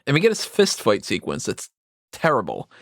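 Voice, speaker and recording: A man's voice: mid-range voice, wildly swooping pitch, normal speed, gravelly, no room sound, clean studio sound. A man co-hosting a casual movie-review podcast, recapping the plot and laughing often. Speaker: podcast co-host.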